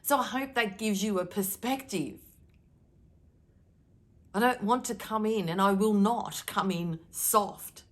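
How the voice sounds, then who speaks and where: A middle-aged woman delivering a channeled daily message to her viewers, emphatic and animated, deliberately shifting her tone to stir emotion. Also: medium pitch. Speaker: spiritual card reader.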